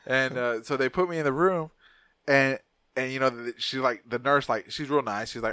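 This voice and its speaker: Speaking a little fast in a medium-pitched voice, a man co-hosting a podcast tells an anecdote in loose, profane conversation. He's animated and performs the voices of the characters, and there's no echo in the recording.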